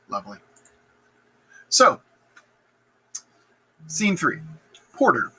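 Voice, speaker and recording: A man explains a play to his class in a loose, slangy way, jumping into voices for the characters. His voice is bright and very lively. Faint ambience sits behind him. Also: mid-range voice, normal speed, a little hiss or hum, rough recording. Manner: animated, slangy, acts out quotes in funny voices. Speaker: teacher. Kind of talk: casual lesson retelling a play.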